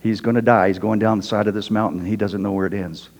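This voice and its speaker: A male preacher talks his congregation through a scripture passage in an easygoing, chatty manner, often tagging his sentences with "okay?". His voice sounds dark and mellow, and it carries a long reverb from a large hall. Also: on the low side, fairly even intonation, fast talker. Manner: conversational, tags lines with "okay?". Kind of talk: sermon.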